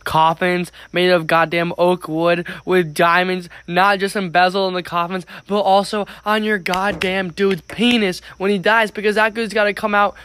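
A young man with a notably high voice co-hosts a casual comedy podcast. He swears freely and stretches out his punchlines in a lazy drawl. He keeps bouncing his partner's words back at him. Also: flat delivery, moderate pace, few pauses, a bit bright, smooth. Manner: profane, drawling, echoes his co-host's words. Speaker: podcast co-host.

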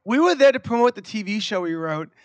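A man with a strikingly high voice chats on his podcast, spinning a loud, foul-mouthed story with lots of energy. His voice sounds close and dry, with no room around it. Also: fast talker, no echo. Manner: animated, profane storytelling. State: recovering from a lost voice. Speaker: podcast co-host. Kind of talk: casual chat.

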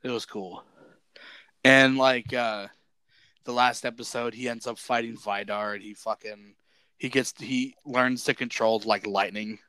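A young adult man rattles through his take on a series in casual podcast chat. He swears often and speaks in slang with mid-pitched energy. The recording is dry, with little room sound. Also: a little slow, clear, resonant tone, no echo. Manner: profane, excitable, slangy. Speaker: podcast co-host. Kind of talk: casual show review chat.

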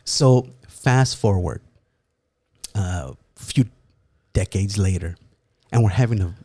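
A man casually telling a story, animated and profane, with lots of fillers. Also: lowish voice, slow, breathy edge, no echo. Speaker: storyteller guest. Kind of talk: casual chat, anecdote.

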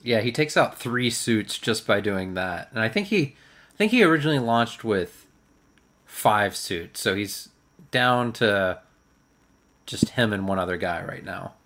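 A man's voice: lowish voice, lively intonation, measured pace, a bit bright. A man in casual chat, recapping an episode in a rambling way full of fillers.

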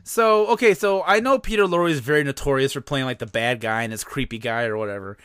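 A man's voice: medium pitch, fast talker, a bit bright, smooth, no echo, studio quality. A man co-hosting a podcast, chatting casually and rambling with lots of fillers and laughs. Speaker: podcast co-host. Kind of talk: casual chat.

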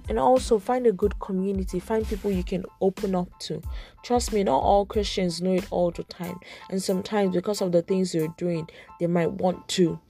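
A woman's voice: medium pitch, fairly even intonation, normal speed, vocal fry, dark tone, faint music behind. A young woman talking earnestly and casually about faith, full of filler words as she gives advice. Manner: earnest, conversational, lots of "like" fillers. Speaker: Christian vlogger giving advice. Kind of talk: casual faith talk to camera.

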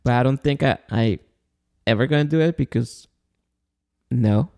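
Blunt, gravelly man swearing in podcast chat. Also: mid-range voice, normal speed, mellow. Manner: blunt, swears freely, presses a question. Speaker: podcast co-host.

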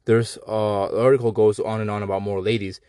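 A man's voice: on the low side, little pitch movement, fairly quick, mellow, clean tone, no room sound, clean studio sound. A man with a Mexican accent hosting a podcast, ranting in a sarcastic, profane, slangy way. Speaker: podcast host. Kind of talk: casual podcast rant.

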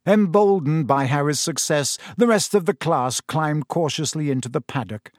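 A man reading a novel aloud as a steady, expressive audiobook narrator. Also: fairly high pitch, normal speed, few pauses, no echo, clean studio sound. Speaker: audiobook reader. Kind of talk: storybook narration.

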